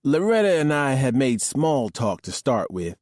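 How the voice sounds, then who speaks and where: A man reads a novel aloud in a crude, swaggering first-person voice. His pitch sits mid-range for a man. The recording is close and dry. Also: big pitch swings, measured pace, darkish tone, dry recording. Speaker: audiobook narrator. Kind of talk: scripted audiobook narration.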